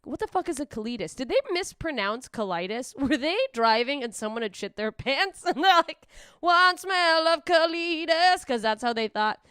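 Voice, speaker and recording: A young woman doing a rambling, self-deprecating stand-up set alone to a camera, deadpan with sudden high squeals for quoted voices. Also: a little fast, few pauses, clean tone, dry recording, clean studio sound. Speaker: stand-up comedian. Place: club stage streamed with no live audience.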